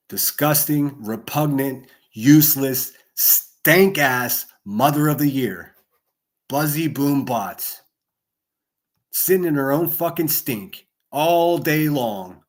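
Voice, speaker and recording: A man hosting a livestream, ranting angrily and profanely into a desk microphone, breaking into yelled bursts and sarcastic asides. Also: mid-range voice, expressive, takes it slowly. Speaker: livestream host. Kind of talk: angry livestream rant.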